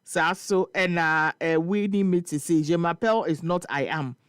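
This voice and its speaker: Animated Ghanaian man hosting radio. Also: a little high, normal speed, clear, resonant tone, dry recording, studio quality. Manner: animated, laughing storyteller mixing Twi and English. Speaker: radio show host. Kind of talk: casual chat reading social media comments. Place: radio studio.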